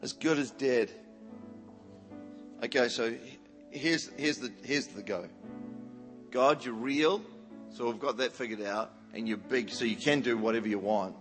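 A man's voice: mid-range voice, measured pace, long pauses, a bit bright. A man preaching as an evangelist, telling stories animatedly and often repeating words as he restarts. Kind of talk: sermon storytelling. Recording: reverberant hall with faint music.

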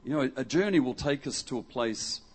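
A husky-voiced man from Western Australia preaches in a relaxed, joking way to a congregation in a church hall. His comes through as he chats with the crowd. He acts out the words of the people in his stories. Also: medium pitch, fairly quick. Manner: jokey and conversational, acts out quotes. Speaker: guest preacher. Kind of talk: lively sermon with audience interaction.

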